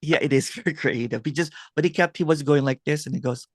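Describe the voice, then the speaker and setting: A man's voice: on the high side, fast talker, few pauses, breathy edge, no echo, clean studio sound. A man hosting a casual chat on a video call, telling stories with lots of laughter. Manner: laughs a lot, animated storytelling. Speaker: host, non-duality guide.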